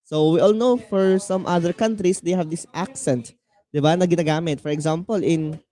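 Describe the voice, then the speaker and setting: A man from the Philippines with a Filipino accent, teaching an online class in a halting way, full of fillers and restarts. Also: fairly high pitch, mellow. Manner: code-switching, halting with many fillers and restarts.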